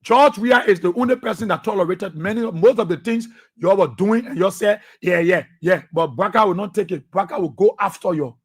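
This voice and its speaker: High-voiced Liberian radio host, mocking. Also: male voice, a little fast, breathy edge. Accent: Liberian English. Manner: laughs often, mocking and preachy, repeats phrases. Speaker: radio talk show host. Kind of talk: political commentary talk radio.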